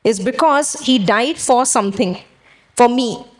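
Woman pastor preaching, kinda high voice, keeps asking the crowd yes?. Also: a little slow. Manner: exhorting, with call-and-response questions. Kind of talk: sermon.

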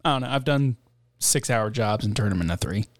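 A man's voice: fairly low pitch, animated, fairly quick. Loose, laughing podcast co-host, a man. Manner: loose, swearing, laughs often. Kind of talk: casual chat.

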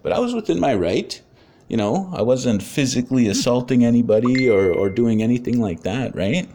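A man's voice: medium pitch, animated, normal speed, dark tone, a little hiss or hum. A man telling a personal story casually, with many fillers and frequent swearing.

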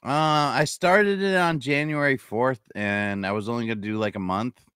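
A man hosting a casual livestream chat, relaxed and easygoing, answering in short replies. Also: medium pitch, normal speed, clear, resonant tone, no room sound, studio quality. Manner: laid-back, short replies, says "man" a lot. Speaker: host.

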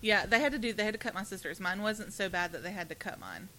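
Young woman, podcast co-host, slight lisp, bright tone, chatty with filler words, faint rumble behind. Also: animated, quick pace, rough recording. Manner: chatty, many "like" fillers, laughs often. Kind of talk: casual chat.

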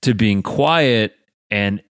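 A man's voice: lowish voice, very slow, fairly bright tone, clean tone, no room sound. A young adult man co-hosting a podcast, talking casually with a dry, joking and reflective manner. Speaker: podcast co-host.

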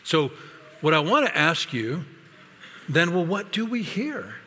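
Bright-voiced preacher in a reverberant hall. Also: male voice, on the high side, big pitch swings, a little slow, breathy edge. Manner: emphatic, varied preaching delivery. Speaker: pastor. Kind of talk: sermon.

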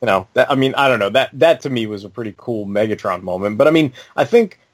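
A man co-hosting a fan podcast, talking casually with halting restarts and swearing. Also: mid-range voice, animated. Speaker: podcast co-host. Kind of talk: casual chat.

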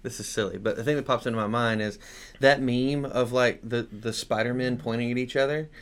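A man co-hosting a casual Bible study talk, agreeable and quick with short affirmations. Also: medium pitch, fairly even intonation, a little hiss or hum. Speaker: podcast co-host.

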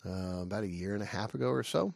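Preacher guy w a gravelly voice, lots of uhs and ums, acts out the story, dry close sound. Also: on the low side, quick pace, no room sound. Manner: animated storytelling with many fillers, acts out the Bible characters. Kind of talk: sermon.

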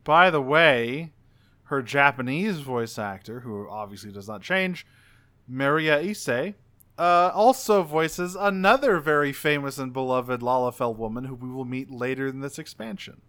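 A man with a bright, crisp voice, chatting casually as a podcast co-host. He reads through cast credits and drops dry little asides. His tone stays clear and even throughout. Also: mid-range voice, moderate pace. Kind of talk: casual chat about game voice actors.

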